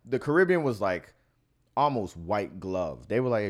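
A man with a low voice that swings widely in pitch, chatting casually as a podcast co-host. He tells travel stories with lots of animation and puts on the voices of the people he met. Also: moderate pace. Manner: animated storyteller, acts out the people he quotes. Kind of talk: casual chat.

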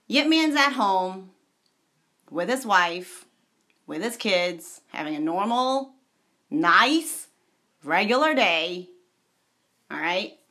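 A woman casually retelling a movie, rambling and animated and adding her own sound effects. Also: medium pitch, slow pace, pauses often.

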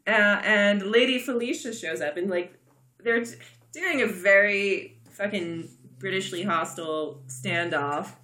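A woman's voice: medium pitch, a little slow, pushed and bright, echoey room. A woman co-hosting a casual chat recap of a TV show, talkative and giggly, with casual swearing. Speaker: podcast co-host.

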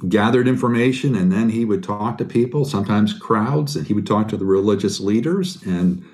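Earnest low-voiced man telling stories. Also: moderate pace. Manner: earnest, animated storytelling with quoted asides. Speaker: guest, biblical counselor and author. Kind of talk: podcast interview answer.

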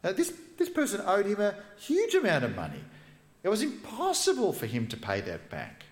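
A man preaching a sermon as a pastor, retelling a story with lively, animated delivery. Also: high-pitched, moderate pace. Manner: animated storytelling, acts out quoted characters. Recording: echoey hall.

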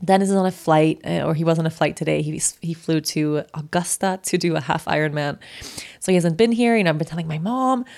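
A woman's voice: low-pitched, a little fast, creaky, darkish tone. A woman hosting a podcast, telling a personal story in a candid, chatty way with lots of fillers. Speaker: podcast host.

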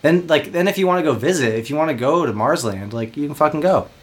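A man with a Southern American accent, co-hosting a casual podcast chat, animated, laughing often and swearing freely. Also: fairly high pitch, quick pace. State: high. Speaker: podcast co-host.

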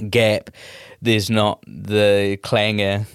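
A middle-aged man with a New Zealand accent, a comedian chatting in an interview in a rambling, animated way with many restarts. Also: on the low side, very slow, smooth, no echo, studio quality. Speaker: comedian, guest. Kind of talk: casual interview chat.

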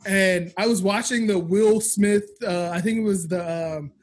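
A man's voice: high voice, steady tone, unhurried. A man in his thirties, a podcast co-host and business owner, talking candidly and reflectively in a casual chat. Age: 30s.

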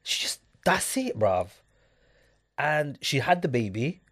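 A man's voice: medium pitch, very animated, takes it slowly, fairly bright tone. A man in a casual discussion, speaking emphatically and often asking his listener if he gets it. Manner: emphatic, keeps asking "do you get it?".

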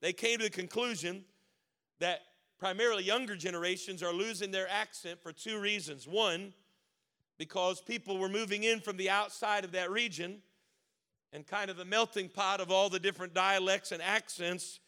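A man preaching a sermon with a Baltimore accent, building to loud emphatic preaching. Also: sits high, fairly even intonation, moderate pace. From Maryland. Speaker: pastor.

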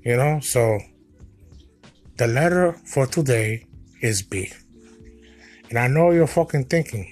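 A man's voice: mid-range voice, animated, darkish tone, soft background music. A man hosting a comedy podcast, talking in a crude, swaggering monologue full of profanity. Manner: profane, swaggering, drawn-out delivery. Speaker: podcast host.

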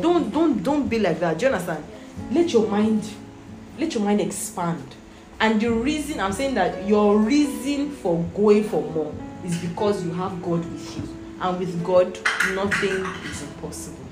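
A woman's voice: mid-range voice, lively intonation, normal speed, darkish tone. Earnest Nigerian woman teaching a Bible lesson. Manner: earnest, repeatedly asking "Do you understand?". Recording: roomy echo with music behind.

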